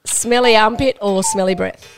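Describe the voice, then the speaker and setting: A woman, co-hosting a podcast and firing off quick teasing questions. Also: medium pitch, fairly even intonation, faint music behind. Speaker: podcast co-host. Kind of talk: casual podcast chat.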